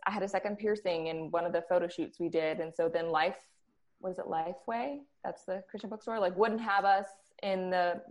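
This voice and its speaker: Chatty young woman telling her story. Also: fairly low pitch. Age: young adult. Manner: chatty, animated, with frequent "like" and laughs. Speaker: guest, former Christian band member. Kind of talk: casual interview storytelling.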